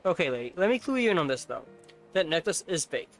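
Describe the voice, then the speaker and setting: A man's voice: on the high side, sing-song, fast talker, faint music behind. A man voicing a blunt, streetwise male yakuza in a video game, lecturing in slangy speech. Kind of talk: reading game subtitles aloud in voices.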